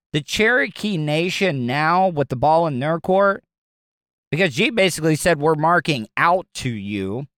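Southern talk radio host, male, somewhat high smooth voice, blunt and rambling, dry studio sound. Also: a bit bright, dry recording. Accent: Southern American. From American South. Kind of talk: opinionated talk radio monologue.

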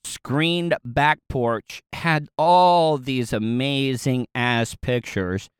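A man's voice: mid-range voice, extremely slow, smooth, no room sound, studio quality. Rambling Southern man telling a story. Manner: rambling, with frequent fillers, restarts and chuckles. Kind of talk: casual storytelling.

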